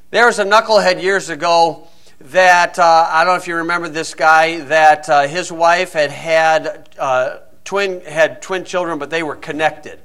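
A man's voice: a little high, fairly bright tone. A middle-aged man preaching a sermon, blunt and scornful, firing off rhetorical questions.

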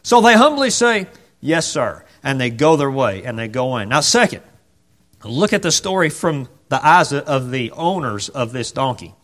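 A man's voice: medium pitch, sing-song, moderate pace, fairly bright tone. A man preaching a sermon in a church, conversational and full of rhetorical questions, acting out the voices of the people in the story.

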